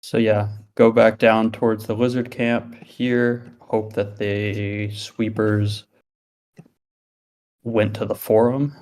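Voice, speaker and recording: Low-voiced man, practical tabletop player. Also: little pitch movement, slow, darkish tone. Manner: casual, practical. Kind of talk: tabletop game chat.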